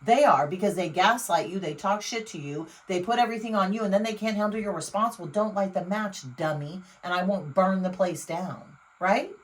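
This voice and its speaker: A woman's voice: mid-range voice, low-quality recording. A woman giving a casual tarot reading, blunt and emphatic, swearing freely and talking straight to the viewer. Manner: exclamatory, quick swings in loudness. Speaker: tarot reader.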